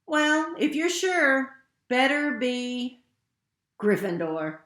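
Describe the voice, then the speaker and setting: A woman voicing a talking magic hat, old, musing and sly, murmuring slowly and ponderously in a roomy echo. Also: sits high, sing-song, a bit bright, pitched above the performer's own voice, heavily acted.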